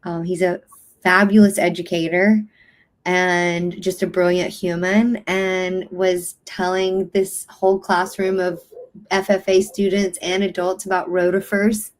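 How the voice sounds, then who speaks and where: A woman guest in a casual livestream conversation, telling stories with warm enthusiasm and open emotion. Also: lowish voice, little pitch movement, unhurried.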